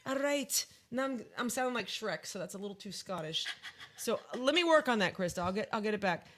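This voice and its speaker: A woman's voice: medium pitch, animated, quick pace, fairly bright tone, a little hiss or hum. A woman in her fifties hosting a casual live podcast, telling stories and acting out other people's lines. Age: 50s. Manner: chatty storyteller, acts out quotes. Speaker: podcast co-host and musician.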